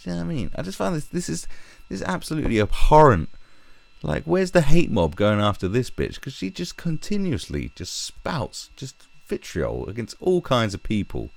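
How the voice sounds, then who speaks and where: A man ranting profanely as a stream commentator, with animated, exasperated outbursts. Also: mid-range voice, normal speed, vocal fry, no room sound.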